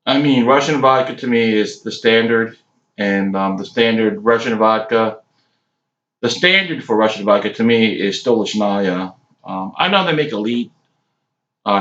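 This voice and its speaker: A man in his late forties giving a casual, rambling cigar review, halting often with ums. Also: on the low side, a bit bright. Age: 40s. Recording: echoey room, dull lo-fi sound.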